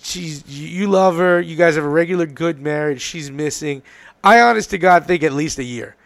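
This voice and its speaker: A man's voice: fairly high pitch, normal speed, vocal fry, dry recording. A man co-hosting a podcast, trading crude jokes in casual banter. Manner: joking, crude quips. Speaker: podcast co-host.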